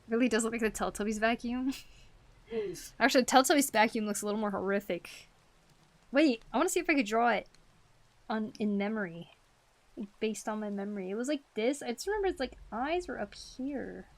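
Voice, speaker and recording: Young woman, high-ish voice, giggly, chatty, live-stream drawing chat, desk mic. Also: animated, fairly quick, pauses often. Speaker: art streamer.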